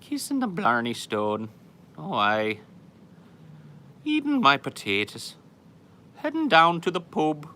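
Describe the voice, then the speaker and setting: A boastful, hearty Irish-Scottish man , as a man puts him on, booms out slow, drawn-out lines in a stereotyped brogue with rolled R's. The voice is pushed high above the speaker's own and sounds bright and forceful. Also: wildly swooping pitch, full character voice. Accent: mock Irish-Scottish brogue with rolled R's. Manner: loud, drawn-out, jokey proclamations.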